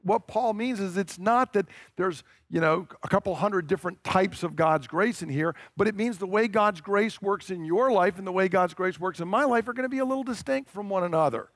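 A man from the American South preaching a sermon, stressing and repeating his key points and slowing down to drive them home. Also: high-pitched, dry recording, studio quality. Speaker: pastor.

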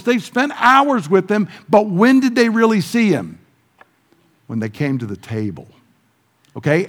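A man teaching a sermon who explains the text step by step and briefly acts out the quoted dialogue. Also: high voice. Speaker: pastor. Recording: long hall reverb.

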